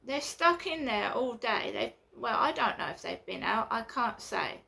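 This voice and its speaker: A woman rants casually from her flat, circling back over the same complaints. Her voice sits fairly high and sounds bright and sharp, with a gravelly edge. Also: unhurried. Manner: agitated, repetitive complaining. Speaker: vlogger. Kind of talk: casual ranting monologue.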